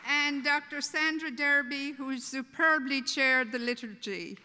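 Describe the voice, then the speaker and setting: A woman with an Irish accent hosting a convention, giving a warm, joking welcome speech. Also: sits high, a little slow, background noise. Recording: reverberant convention hall.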